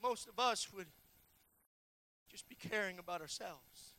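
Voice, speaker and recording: A male pastor preaching a sermon, telling a personal story and swinging between loud, urgent lines and hushed ones. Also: sits high, measured pace, smooth. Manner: personal storytelling with repeated phrases.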